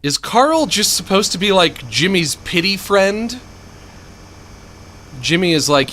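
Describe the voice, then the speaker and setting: Male streamer, lively pitch, chatty and laughing, quiet noise under the voice. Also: slow, long pauses. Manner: animated, laughs often, mutters to himself while playing. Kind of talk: casual rambling commentary while gaming.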